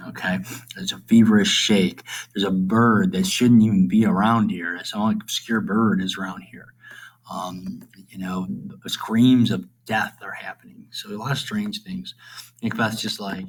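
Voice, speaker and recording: A man's voice: fairly low pitch, fairly even intonation, a little slow, slightly rough, poor audio. A man teaching, summarizing a play for students in a casual, rambling way, full of fillers and asides.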